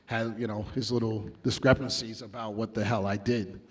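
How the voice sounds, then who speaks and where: With a lowish, slightly rough voice, this man speaks steadily at a moderate pace. He's a music producer from New York, swearing constantly and acting out quotes as he shares blunt stories in a casual interview.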